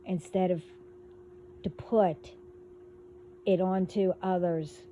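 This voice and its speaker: A woman hosting a casual spiritual monologue, talking in a rambling, halting way as she delivers warnings. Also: fairly low pitch, fairly even intonation, warm tone, slight background noise. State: hiccups. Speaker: spiritual video host.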